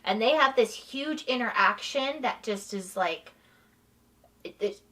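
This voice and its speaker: A woman's voice: fairly high pitch, lively intonation, a little slow, a bit bright, distant mic. A woman chatting casually about a haunted attraction, agreeing often and restarting sentences. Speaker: haunted house reviewer. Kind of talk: casual review chat.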